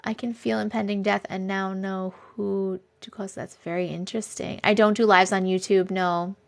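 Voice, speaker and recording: A woman's voice: medium pitch, level tone, normal speed, gravelly. A young woman hosting a live stream, chatting casually, laughing often and reacting to viewer comments. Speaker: live-stream host reading viewer stories.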